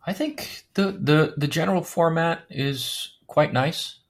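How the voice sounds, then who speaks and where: A man appearing as a podcast guest who speaks in a hesitant, halting way, with many pauses and ums. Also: fairly high pitch, vocal fry. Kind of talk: casual interview.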